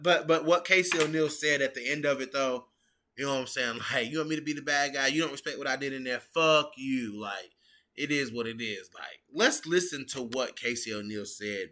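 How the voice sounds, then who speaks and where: Bright-voiced man ranting about fights. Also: medium pitch. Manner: animated, swearing, keeps saying bro. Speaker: MMA reaction streamer. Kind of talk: casual reaction commentary.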